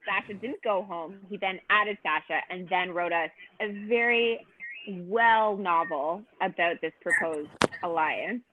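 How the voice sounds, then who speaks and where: Woman, casual podcast guest, animated storytelling, filler words, tinny phone-like audio. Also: lowish voice, measured pace, slight background noise. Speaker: guest contestant.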